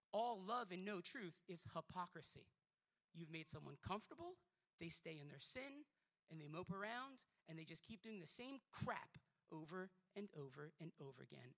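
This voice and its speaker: A preacher delivering a blunt, emphatic sermon that swings between loud declarations and quiet asides. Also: mid-range voice.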